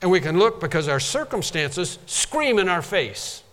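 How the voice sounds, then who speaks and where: A man's voice: high voice, very animated, moderate pace, a bit bright, in a large hall. A man preaching a sermon, emphatic and repeating phrases to drive them home.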